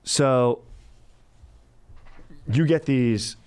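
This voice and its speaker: A man's voice: mid-range voice, very slow, darkish tone, clean tone, no room sound. Rambling, swearing male podcast host. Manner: rambling, profane and joking. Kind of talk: casual comedic history talk.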